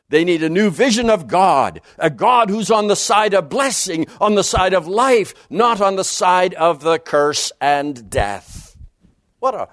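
A man giving an expository Bible lecture, emphatic and animated, dropping low and quiet to stress key words and reading scripture passages aloud quickly. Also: no echo, clean studio sound. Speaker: Bible teacher.

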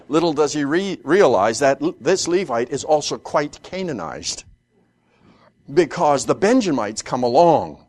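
A man teaching through a scripture passage, acting out the characters' lines and often repeating words while thinking aloud. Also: normal speed. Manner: animated, acts out the characters' lines with rising pitch. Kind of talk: expository Bible teaching.

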